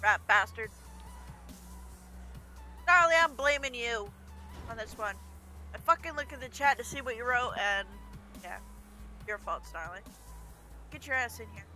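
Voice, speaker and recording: A woman streaming a driving game, swearing and shouting at other drivers and laughing often. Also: a little high, animated, measured pace, long pauses. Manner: brash, profane, yelling at other drivers. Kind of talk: casual gameplay commentary. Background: game music.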